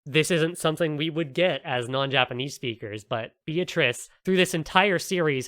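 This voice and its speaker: Excitable bright-voiced man recapping. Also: medium pitch, dry recording. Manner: excited, swears a lot, animated retelling. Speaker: podcast co-host. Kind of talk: casual podcast recap.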